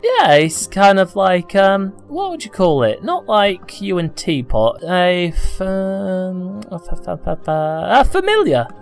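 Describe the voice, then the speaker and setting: A woman's voice: on the low side, big pitch swings, takes it slowly, creaky, few pauses, faint music behind, voice pushed up, full character voice. A woman voicing a chirpy, oddball young female halfling wizard who gushes and rambles. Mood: chatty. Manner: bubbly, gushing, rambling.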